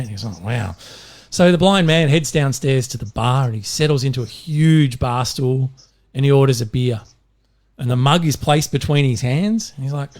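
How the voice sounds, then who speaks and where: A man's voice: mid-range voice, normal speed, darkish tone. A middle-aged Australian man co-hosting a podcast, telling dad jokes in a rambling, jokey way with plenty of fillers. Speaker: podcast co-host.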